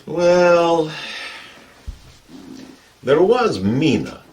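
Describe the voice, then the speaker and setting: An actor playing an aging, self-pitying male vampire count who complains in slow, drawling tones. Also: on the high side, sing-song, a little mellow, heavily acted. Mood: grumbling. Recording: distant mic, faint background noise.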